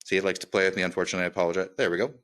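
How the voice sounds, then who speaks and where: Webinar presenter, male, slight lisp, flat low delivery, energetic product walkthrough. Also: clean tone. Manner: upbeat, quick, with filler "right?" checks. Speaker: software demo presenter.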